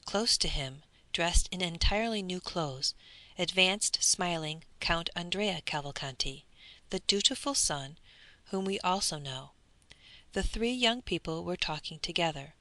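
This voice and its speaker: Bright, low-pitched woman reading a novel. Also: expressive, measured pace, no echo. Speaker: audiobook narrator. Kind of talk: scripted audiobook narration.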